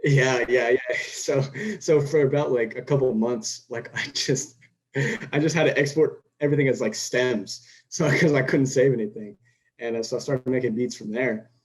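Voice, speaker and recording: A young man from Houston talks as a podcast guest, winding through his story with frequent restarts. He acts out back-and-forth dialogue as he goes. His voice sits at an ordinary middle pitch. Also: steady tone, normal speed, low-quality recording. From Houston, Texas. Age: young adult. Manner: rambling with many restarts and quoted dialogue. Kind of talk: casual storytelling chat.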